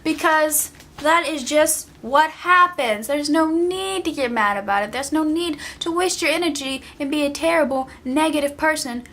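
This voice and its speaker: A woman's voice: high voice, fairly bright tone. A young woman vlogger ranting casually, exasperated and emphatic, often repeating herself for effect. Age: young adult.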